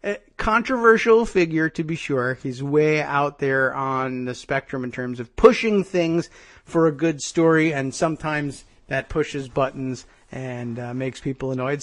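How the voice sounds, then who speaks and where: A male radio host reads a news story aloud and breaks in with dry, sarcastic asides. His voice sits a little high for a man, and the close studio mic sounds dead dry. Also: no room sound. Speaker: radio talk show host. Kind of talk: reading news aloud with commentary.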